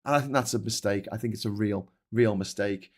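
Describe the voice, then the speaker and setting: A man's voice: on the low side, brisk. A man hosting a casual chat, ranting and swearing freely as he answers viewers. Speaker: host.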